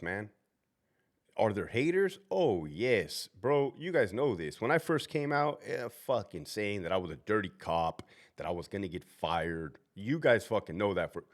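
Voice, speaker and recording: A middle-aged man, a former prison officer, giving a casual, profane monologue full of stories and asides. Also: low voice. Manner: profane, animated storytelling with asides.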